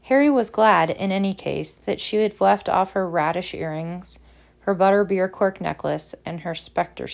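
A woman narrating an audiobook in a measured, expressive way. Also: fairly low pitch, creaky.

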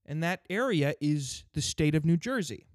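A man who lives in the state he's complaining about launches into an angry, sarcastic, profanity-laden rant delivered like stand-up. He sounds a little high and animated at a moderate pace, captured in clean studio sound without echo.

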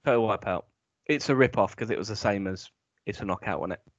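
A man's voice: fairly low pitch, brisk, dry recording. A man from the UK co-hosting a podcast, rambling and hesitant with plenty of ums and restarts. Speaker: podcast co-host. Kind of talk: casual podcast chat. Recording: dry, slightly dull lo-fi audio.

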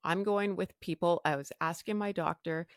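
A woman's voice: fairly low pitch, fairly even intonation, normal speed, no room sound, clean studio sound. A woman hosting a podcast, telling a personal story frankly with wry humor and casual swearing. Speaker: podcast host.

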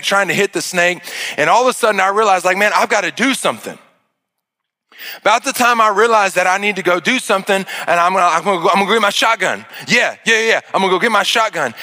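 A man, telling an animated story to an audience and acting out the shouts and panic. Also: sits high, in a large hall. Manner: expressive, acts out shouts and panic, jokes with the crowd. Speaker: speaker addressing an audience.

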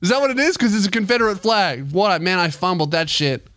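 High, bright Australian comedian host. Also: male voice, quick pace, no room sound, studio quality. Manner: loud, joking, swears freely, teasing. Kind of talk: crude comedic podcast banter. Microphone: studio microphone.

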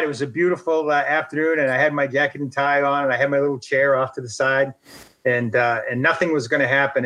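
A middle-aged man with a somewhat high-pitched voice recounts a story from his work as a golf rules official. He talks in a chatty, self-deprecating way, with plenty of fillers and restarts. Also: a bit bright, low-quality recording. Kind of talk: storytelling in an interview.

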